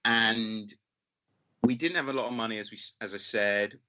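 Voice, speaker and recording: Man, London accent, film director, rambling casual storyteller, lowish bright voice. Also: steady tone, moderate pace, rough recording. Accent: London English. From England. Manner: chatty, rambling, full of fillers and acted-out quotes.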